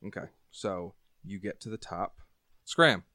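Smooth-voiced man running a tabletop game. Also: on the low side, normal speed, no echo, studio quality. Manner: explains rules plainly, relaxed. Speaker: game master.

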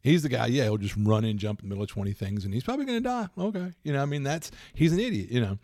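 A man co-hosting a casual chat, rambling through tabletop gaming stories with animated retellings. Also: mid-range voice, racing, no echo, clean studio sound. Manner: rambling, animated storytelling with laughs. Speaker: podcast co-host and game master.

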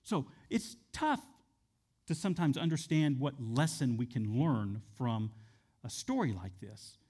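A man preaching a sermon, animated, repeating phrases with shifting emphasis. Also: mid-range voice, unhurried, breathy edge. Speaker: pastor.

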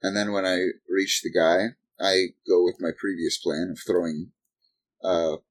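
A man co-hosting a comedy podcast, telling an absurd story in a deadpan way. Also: deep voice, a little slow, poor audio. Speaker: podcast co-host. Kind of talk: casual comedy chat.

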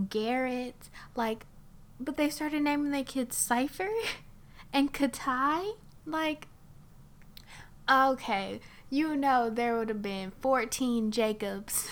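A young woman with a fairly high-pitched voice gives a casual movie review. She's chatty and sarcastic, giggling often and rambling into asides.

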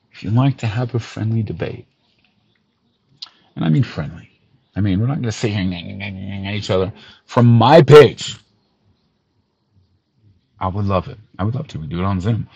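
A man hosting a podcast, ranting in an angry callout with lots of swearing, missing some teeth, swinging from loud outbursts to low muttering. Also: normal speed, pauses often, breathy edge, no room sound, lo-fi sound. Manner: profane, heated, swings from shouting to low muttering. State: missing teeth, awaiting dental work. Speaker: podcast host.

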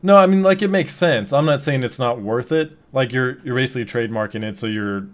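Male podcast host, casual and rambling, mid-pitched. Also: brisk. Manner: rambling, many fillers and restarts. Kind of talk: casual chat.

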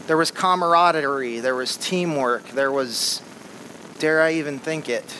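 A man from Flint, Michigan, telling an animated and humorous personal story to a live audience in a large hall. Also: on the high side, a little slow, slight background noise. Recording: long hall reverb.

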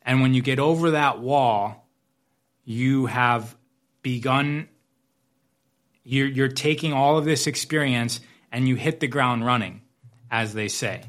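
A man's voice: medium pitch, slow pace, pauses often, fairly bright tone. Man giving a motivational coaching talk. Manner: reflective, speaks in metaphors with repeated phrases. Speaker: business coach.

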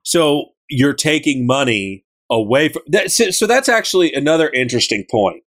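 A man chatting casually on a gaming podcast, retelling a story with animated, joking energy. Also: fairly high pitch, moderate pace. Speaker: podcast co-host recapping a game.

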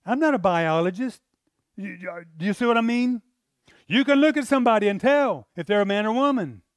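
A man's voice: extremely high pitch, animated, brisk, dry recording, studio quality. A middle-aged man, preaching a sermon in a conversational style that rises to emphatic outbursts. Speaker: pastor.

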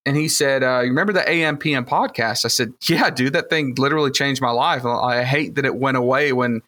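A man's voice: mid-range voice, fairly quick, sharp tone. A man with a Southern Alabama accent, telling rambling, enthusiastic stories with plenty of fillers on a casual podcast. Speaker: podcast guest, future host.

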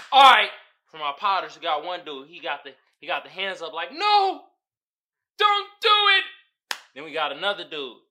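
A male podcast host with a piercing, bright voice that jumps all over the place as he talks. He riffs on memes in loose, profane slang and breaks into laughter often. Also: a little high, animated, moderate pace, long pauses. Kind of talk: casual comedic commentary on memes.

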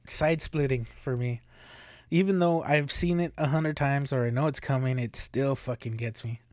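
A man's voice: medium pitch, normal speed, darkish tone, dry recording. Dude rambling on his podcast, swears constantly, laughs a lot, dry close sound. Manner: rambling, profane, laughing often. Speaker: podcast host. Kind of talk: casual solo commentary.

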